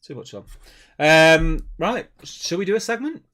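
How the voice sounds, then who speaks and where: A man's voice: on the high side, lively intonation, a little slow, a bit bright. A man, co-hosting a casual live stream. He rambles, restarts his sentences and laughs often. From Manchester, England. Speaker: co-host of a tabletop wargaming stream.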